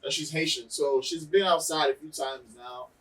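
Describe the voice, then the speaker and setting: A man with a fairly high voice who teases the others and stretches out his stories in a relaxed group chat. He sits a little back from the microphone, so his voice sounds somewhat distant. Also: husky. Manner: playful, drawn-out, teasing. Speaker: podcast co-host.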